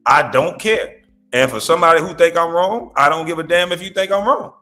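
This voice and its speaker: Soft music plays behind a man hosting a reaction commentary rant, where he swears freely, speaks bluntly, and mocks his target. His voice is a little high, pushed, and bright, and his pace is a touch fast.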